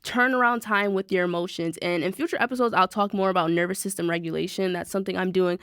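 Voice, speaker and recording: A woman hosting a podcast, talking casually and with feeling about personal growth, speaking straight to her listeners with quick asides. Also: fairly low pitch, smooth, no room sound, studio quality. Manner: animated, talks to listeners directly, quick asides. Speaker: podcast host. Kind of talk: casual self-help monologue.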